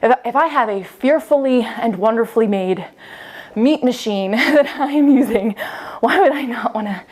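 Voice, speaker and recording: A woman's voice: on the high side, normal speed, darkish tone. A young woman fitness coach, out of breath as she leads a home workout, chatting, counting reps and laughing often. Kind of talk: talking while leading a home workout.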